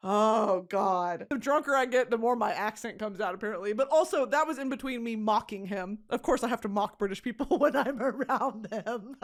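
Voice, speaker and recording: A woman's voice: on the high side, expressive, fairly quick. A young woman hosting a podcast, telling comic stories with lots of swearing and laughter, and mimicking other people's voices. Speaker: podcast host. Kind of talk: comedic storytelling.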